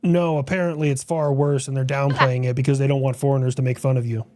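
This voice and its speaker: Sardonic mid-pitched streamer. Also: level tone, fast, a little mellow, no echo, studio quality. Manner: sardonic, offhand, swearing. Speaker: streamer reacting to a video. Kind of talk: casual reaction-stream chat.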